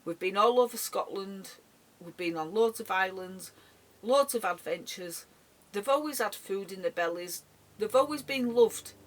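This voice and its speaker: A middle-aged woman talks straight to camera in a personal vlog. She speaks haltingly and emotionally, stumbling and repeating words as she goes. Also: medium pitch. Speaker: vlogger.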